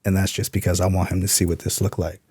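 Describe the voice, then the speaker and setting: A man's voice: deep voice, flat delivery, fast talker, darkish tone, husky, no room sound, clean studio sound. A middle-aged man, an author, telling stories in a laid-back casual interview. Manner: laid-back, acts out quoted voices in stories. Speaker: author and podcast guest.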